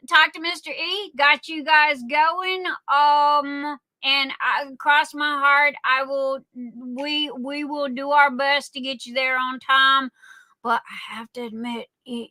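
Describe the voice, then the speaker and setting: A woman's voice: high voice, little pitch movement, slow, sharp tone, no room sound. A woman with a Southern accent hosting a casual livestream, rambling and chatty as she greets viewers by name with endearments like darling and sweetheart. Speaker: livestream host.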